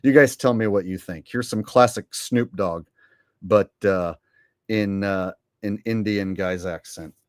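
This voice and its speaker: A man hosting his own livestream, chatting in a rambling, blunt way with plenty of swearing. He talks slowly and drawls, and his voice sounds dry and close. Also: lowish voice, no echo. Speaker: channel host. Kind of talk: casual livestream talk.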